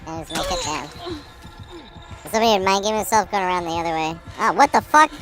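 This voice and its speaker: A woman commenting on her gameplay live, rapid and exasperated, swearing at times. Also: medium pitch, very animated, over loud music.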